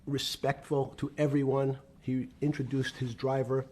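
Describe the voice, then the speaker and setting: Brief: older man with a husky, dark voice telling slow business anecdotes. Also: medium pitch, level tone. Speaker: interviewee in a played clip. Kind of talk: reminiscing storytelling.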